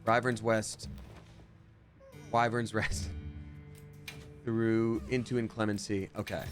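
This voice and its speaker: With soft music playing in the background, a young man livestreams gameplay from his home setup, chatting and rambling as he reads viewers' questions aloud and answers them. The streamer and voice actor speaks slowly, in a fairly low, level voice.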